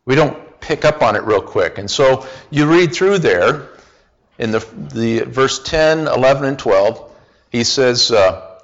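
A man teaching a Bible study lesson, speaking deliberately with frequent pauses and fillers, asking the group questions. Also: medium pitch, expressive, dull audio. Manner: asks the group questions and repeats answers.

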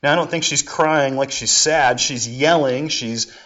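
A man's voice: mid-range voice, unhurried, fairly bright tone. A man teaching a casual Bible lesson, talking it through with rhetorical questions and everyday examples. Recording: dull lo-fi recording.

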